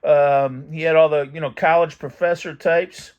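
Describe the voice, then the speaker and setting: Middle-aged male host with a slightly high voice, reminiscing in loose, rambling commentary. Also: fairly even intonation, moderate pace, muffled recording. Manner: rambling, reminiscing, thinking aloud. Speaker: vintage magazine collector channel host. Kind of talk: casual commentary while reading a magazine aloud.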